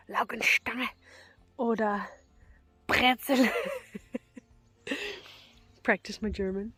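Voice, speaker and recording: A woman's voice: medium pitch, steady tone, slow, vocal fry, long pauses, fairly bright tone, no echo, faint music behind. A young woman vlogging casually on an evening walk outdoors, gushing and laughing often. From Netherlands. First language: Dutch. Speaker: van-life vlogger. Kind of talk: casual vlog to camera.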